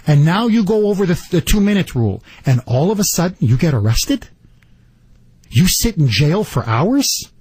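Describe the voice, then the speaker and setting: A man hosting a talk radio show, delivering an indignant, rapid-fire political monologue. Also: high-pitched, sing-song, darkish tone, husky, dry recording.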